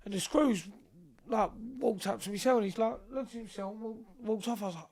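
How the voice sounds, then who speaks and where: A young man with a high voice talks fast as a podcast guest, telling stories in casual chat. He swears freely and acts out both sides of the conversations he recounts.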